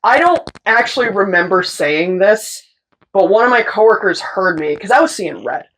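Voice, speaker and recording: A woman's voice: medium pitch, normal speed, low-quality recording. A young woman, a tattoo artist, casually telling a story, swearing freely and acting out the voices of the people in it. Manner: animated, swearing, mimics voices in her stories.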